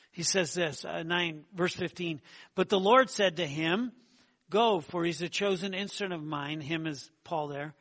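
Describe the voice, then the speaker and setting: Man, high voice, middle-aged, sermon, conversational, repeats himself, bursts of emphasis. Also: bright, forceful tone. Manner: conversational, fillers and repeated words, rising emphasis. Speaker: preacher.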